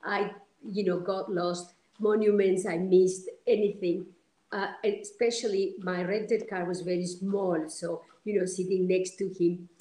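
A woman from Argentina, telling stories as an interview guest in an animated, halting way with many fillers. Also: fairly low pitch, echoey room, low-quality recording. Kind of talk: storytelling in an interview.

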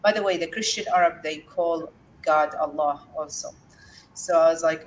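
A woman from Jordan, a guest in an interview, telling a personal story in an earnest, halting way with many fillers and restarts. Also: deep voice, fairly even intonation, slight background noise. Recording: distant mic with faint room ambience.

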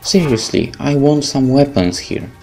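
Polish guy swearing at a game, gravelly voice, slow talker, faint music behind. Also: mid-range voice, expressive, a little mellow. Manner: swears a lot, angry outbursts and sarcasm. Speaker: gaming video creator. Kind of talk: frustrated gameplay commentary.

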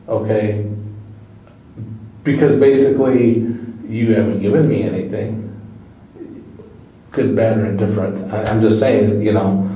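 A man's voice: on the low side, warm tone, slight background noise. A man questioning a suspect as a detective, firm and persuasive, often checking in with "okay?". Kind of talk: police interrogation. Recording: echoey room from far off.

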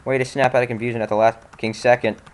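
A man's voice: medium pitch, flat delivery, fast talker. A young man giving casual commentary on a game he is playing, sarcastic and swearing, with sudden frustrated outbursts. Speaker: let's play gamer.

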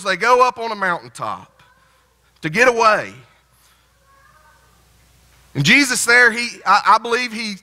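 Male pastor, folksy conversational sermon, very bright voice, long church reverb. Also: high voice. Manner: folksy, conversational preaching with frequent restarts. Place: church sanctuary.

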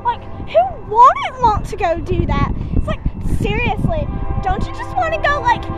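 A woman's voice: extremely high pitch, big pitch swings, moderate pace, loud music behind the voice. Girl putting on a valley girl gushing, "like" in every line. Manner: bubbly, full of "like" and "oh my god". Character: ditzy gossiping valley girl. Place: outdoors on a street.

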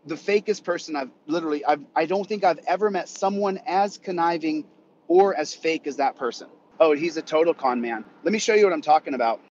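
A man's voice: fairly high pitch, fairly quick, darkish tone, highs cut off, a little hiss or hum. A young man in a heated, profane rant to his vlog audience, repeating himself as he vents. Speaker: vlogger. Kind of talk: angry rant to camera.

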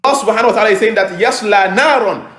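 A man giving a religious lecture, explaining grammar and pausing to search for words. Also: high-pitched, fairly bright tone. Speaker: preacher in a played clip. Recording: roomy played-back clip.

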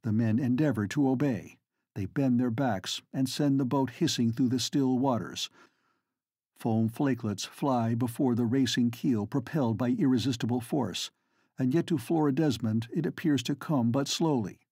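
A man narrating a novel as an audiobook in a measured, dramatic storytelling manner. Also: mid-range voice, warm tone, husky, no room sound, clean studio sound. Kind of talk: scripted narration.

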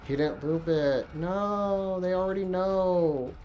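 A woman streamer talking to herself through a game, profane and animated, thinking aloud. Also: on the low side, takes it slowly, lo-fi sound, slight background noise. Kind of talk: gaming livestream commentary.

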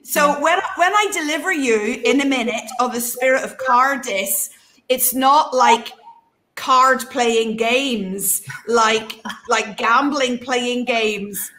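A woman's voice: a little high, slow, sharp tone. A woman with a Northern Irish accent hosting a live ministry broadcast, chatting and laughing, then preaching with emphasis. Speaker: host, preacher.

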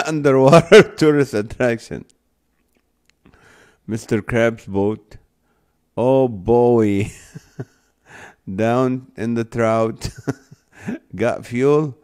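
Reading viewer comments aloud on his live stream, this man speaks slowly and draws out his words in a medium-pitched, somewhat mellow voice. Laughter keeps breaking through, occasionally bringing him to tears.

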